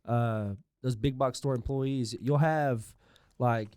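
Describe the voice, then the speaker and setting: A man's voice: medium pitch, fairly even intonation, slow pace, a little mellow, smooth, no echo, clean studio sound. A man co-hosting a podcast, chatting casually and rambling with many restarts. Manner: rambling, lots of likes and restarts. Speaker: podcast co-host. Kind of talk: casual chat.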